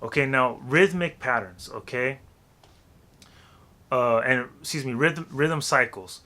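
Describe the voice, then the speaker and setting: A man's voice: mid-range voice, slow pace, sharp tone. A man teaching how to rap in a loose, chatty way, counting beats aloud and scatting rhythms. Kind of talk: casual music lesson.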